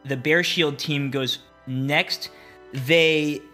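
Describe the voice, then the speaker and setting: A man's voice: a little high, fairly even intonation, extremely slow, bright, forceful tone, soft background music. Laughing man running a tabletop game. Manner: upbeat, laughs often, with filler restarts. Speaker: game master.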